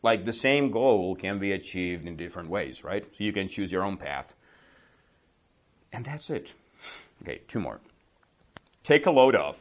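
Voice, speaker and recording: A man teaching idioms in an English class, joking and quizzing his students, slowing down and going quiet on the example phrases. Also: low-pitched, very animated, lo-fi sound.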